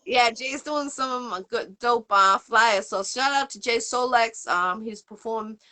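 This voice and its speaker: Lady hosting a chill interview, kinda high, bright punchy voice, lots of ums and shout outs. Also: slow. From Boston area, USA. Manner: rambling, upbeat, full of shout-outs and fillers. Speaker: interview show host. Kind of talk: casual interview chat.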